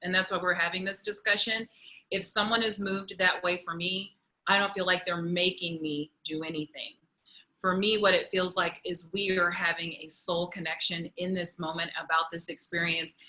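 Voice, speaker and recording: Bright-toned woman on a video panel. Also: lowish voice, steady tone, normal speed, rough recording. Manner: questioning, reflective. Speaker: panelist, counselor. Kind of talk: roundtable discussion over video call. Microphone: video call.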